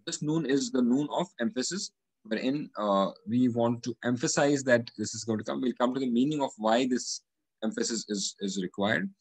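Husky man teaching Quranic Arabic grammar. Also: medium pitch, moderate pace, no room sound, rough recording. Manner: methodical, repeats each word and its meaning.

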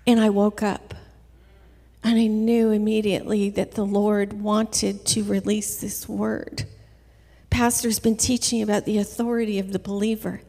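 A woman's voice: mid-range voice, level tone, gravelly, mellow. Earnest woman preacher in a reverberant church. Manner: earnest, measured storytelling. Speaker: guest preacher. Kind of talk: sermon. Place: church sanctuary.

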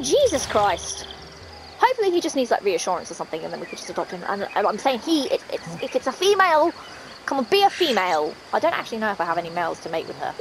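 A woman giving casual let's-play commentary, excitable and gasping, talking straight to the characters on screen. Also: mid-range voice, quick pace. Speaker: gaming video host. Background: game music.

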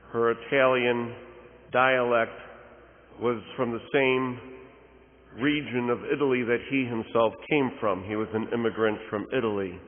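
Male priest, mid-range voice, storytelling sermon; narrow lo-fi sound, big church echo. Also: mid-range voice. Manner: storytelling with pauses and fillers. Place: large church.

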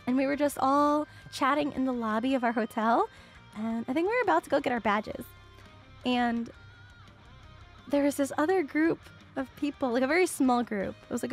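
A young woman streamer casually telling a story, chatty and animated, with lots of filler words and frequent laughs. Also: high-pitched, moderate pace, long pauses, soft background music.

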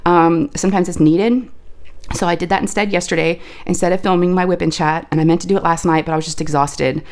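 A woman chatting casually while she crafts on camera. Her voice is deeper and scratchy from allergies, and she talks in a folksy, chatty way, saying "y'all.". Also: fairly even intonation, fast talker, darkish tone. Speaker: crafting video host.

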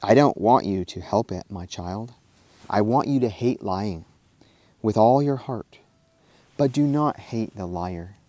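A man voicing a kindly middle-aged farm mother in a storybook reading, speaking softly and patiently. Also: on the low side, lively intonation, unhurried, dry recording. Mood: gentle. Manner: soft, tender and patient.

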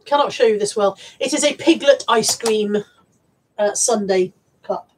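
A woman's voice: a little high, unhurried, slight background noise, poor audio. A woman with a Bristol accent, chatting casually on a live stream while showing her thrift haul, rambling and restarting her words. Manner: chatty, rambling, repeats words and restarts, reads out viewer comments.

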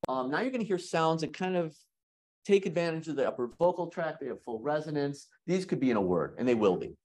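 A man giving an academic lecture in a hall, lively and joking with his audience. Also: on the high side, fairly quick.

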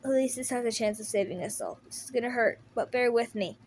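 A woman's voice: a little high, brisk, noisy background, natural voice. A woman voicing a wounded, desperate teenage boy turtle who talks in pained, breathless bursts. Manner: breathless, pained, whispering at times. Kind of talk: fan audio drama voice acting.

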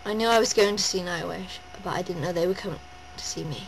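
A woman vlogging at home, gushing and rambling in a breathless, excited rush. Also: fairly low pitch, fast talker, creaky, a little hiss or hum, poor audio. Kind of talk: excited personal vlog. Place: at home indoors.

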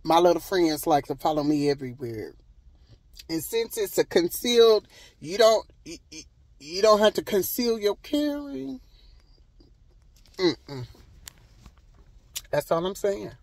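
A woman's voice: fairly low pitch, very animated, a little slow, long pauses, a little mellow, dry recording, low-quality recording. A woman vlogging to her phone camera from the driver's seat of a parked car. She talks in a sassy, emphatic storytime way, circling back and repeating lines to drive each point home. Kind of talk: casual storytime vlog. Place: parked car outside a hospital. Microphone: handheld phone camera.

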